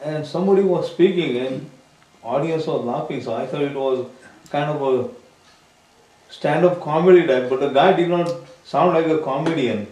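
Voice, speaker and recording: A man telling a short story in a casual, hesitant way with pauses and "uh"s. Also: a little high, a little mellow, lo-fi sound. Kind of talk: casual conversation. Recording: distant, roomy.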